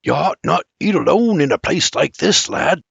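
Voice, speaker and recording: A man's voice: on the high side, expressive, moderate pace, vocal fry, breathy edge, no echo, muffled recording, pitched above the performer's own voice, heavily acted. A man voicing a hearty, burly Irish frontiersman who talks in a boisterous, blustery way with an Irish accent. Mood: confiding.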